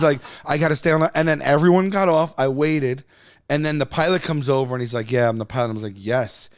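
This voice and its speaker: A man's voice: medium pitch, brisk, no echo. Dry-sounding man telling a funny story. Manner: animated, laughs while telling a story. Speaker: podcast host. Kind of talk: casual comedic storytelling.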